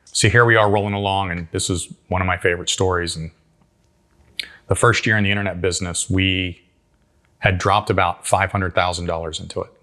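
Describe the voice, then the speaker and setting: Male interview guest, deep-voiced, tells stories with energy and folksy grammar. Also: fairly quick. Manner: animated storyteller acting out quotes. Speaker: guest entrepreneur. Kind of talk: storytelling interview.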